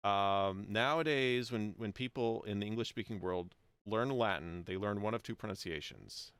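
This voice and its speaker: American male host, deep and gravelly yet clear, loose rambling livestream delivery. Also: a bit bright, dry recording. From United States. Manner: rambling, self-correcting, chuckles often. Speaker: livestream host reading and discussing historical texts. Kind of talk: casual livestream commentary.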